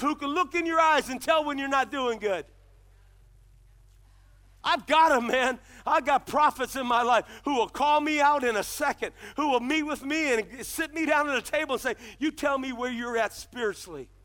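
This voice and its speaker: A middle-aged man preaching a sermon as pastor, with impassioned delivery that builds to shouts. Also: very high voice.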